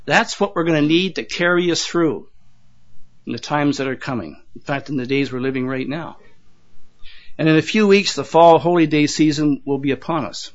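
A man's voice: a little high, moderate pace. An older man preaching a sermon to his congregation in a folksy way, with chuckling asides and repeated words. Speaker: pastor. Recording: dull lo-fi sound.

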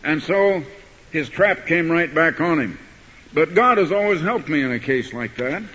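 A man preaching a sermon, telling a story and reading scripture, building to forceful emphasis on key words. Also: a little high, animated, a little slow, a little hiss or hum. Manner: rising to forceful emphasis when quoting scripture. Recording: dull archival recording in a hall.

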